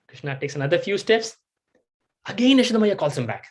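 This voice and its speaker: A man giving a devotional storytelling talk, animated and acting out the scenes he tells. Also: high-pitched, a little fast. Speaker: devotional speaker.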